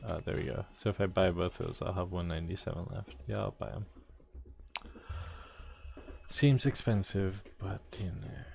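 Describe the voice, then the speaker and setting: A man's voice: low-pitched, steady tone, moderate pace, vocal fry, pauses often, a little mellow. A man streaming a game live, thinking aloud and muttering to himself as he plays. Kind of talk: live gameplay commentary. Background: game music, keyboard typing.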